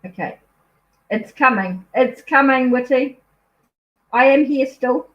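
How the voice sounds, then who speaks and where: A chatty woman with a New Zealand accent speaks a little high, rambling and apologizing as she thinks aloud during a casual live stream from home. The sound is dull and lo-fi. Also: slow pace. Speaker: tarot reader hosting a live stream.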